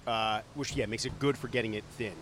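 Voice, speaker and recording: A man's voice: medium pitch, steady tone, a little fast, a bit bright, slight background noise. A man co-hosting a casual food podcast, eating pizza as he talks and explaining things with many ums and restarts. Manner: hesitant, filler-heavy, thoughtful, talks while eating. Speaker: podcast co-host.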